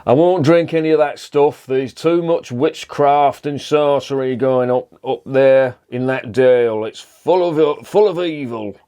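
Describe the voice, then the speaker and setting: A man's voice: medium pitch, measured pace, hardly any pauses, mellow, clean tone, pitched above the performer's own voice, natural voice. A man putting on a northern English accent to play a dour, superstitious male beer drinker warning of evil. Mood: ominous. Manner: dour, doom-laden warning.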